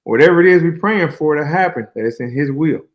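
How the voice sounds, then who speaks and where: A man speaking as a guest fighter in a casual interview, relaxed and colloquial, telling long flowing stories over a remote call. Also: on the high side, fast.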